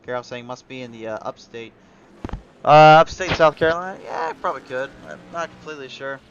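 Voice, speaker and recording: A man's voice: medium pitch, quick pace, slight background noise. A man from Iowa giving sim racing play-by-play commentary, chatting with viewers between calls. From Iowa, USA. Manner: chatty, reads viewer chat aloud, rises to excited calls. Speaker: race commentator.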